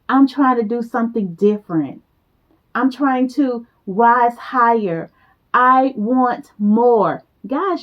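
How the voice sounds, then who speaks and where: A woman giving a motivational talk to her viewers, casual and emphatic, repeating key phrases for weight. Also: on the high side. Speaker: motivational speaker. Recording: slightly dull lo-fi sound.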